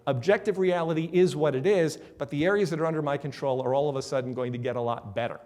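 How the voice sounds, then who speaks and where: A man giving a conference talk as a business speaker. He keeps it conversational and lively, checks in with the audience and acts out little quoted voices. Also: fairly high pitch, fast. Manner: acts out quoted voices and laughs at his own examples.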